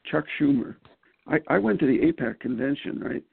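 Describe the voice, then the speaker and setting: A man's deeply gravelly, husky voice comes through a thin, phone-like line. He talks casually as an interview guest. He tells stories animatedly, stumbles into restarts and laughs often. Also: lively intonation, brisk, no room sound. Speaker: political candidate guest. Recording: phone-like call audio.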